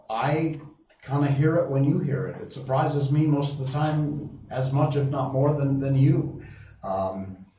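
The streamer's voice is medium-pitched and a bit dark as he hosts a casual live chat. He wanders between topics, restarts sentences and reads out viewer comments, all captured in distant, roomy, dull lo-fi audio with faint noise.

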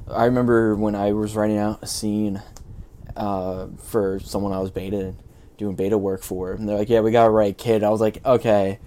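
A man's voice: fairly low pitch, level tone, fairly quick, warm tone, slight background noise. A young man co-hosting a podcast, telling stories in a rambling, casual way with many restarts. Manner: rambling storyteller, trailing restarts. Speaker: podcast co-host. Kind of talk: casual chat.

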